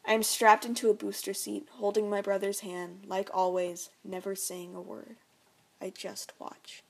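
A young woman reading her own memoir aloud in a quiet, reflective way. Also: mid-range voice, flat delivery, moderate pace, gravelly.

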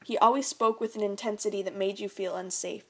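A young woman reading her own memoir aloud in a quiet, reflective way. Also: mid-range voice, fairly even intonation, brisk, husky.

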